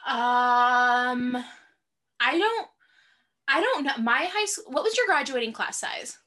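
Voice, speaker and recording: A young woman co-hosting a casual podcast, her voice high and bright. She talks slowly and mostly reacts to her friend's story with short exclamations. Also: animated. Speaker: podcast co-host. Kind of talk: casual chat.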